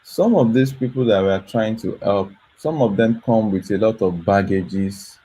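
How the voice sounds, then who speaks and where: A man's voice: lowish voice, moderate pace, dark tone, slightly rough, poor audio. A man running a foundation, talking earnestly in a late-night video, tired and yawning, repeating his words with gratitude. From Africa. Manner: repetitive, earnest, grateful. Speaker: foundation host.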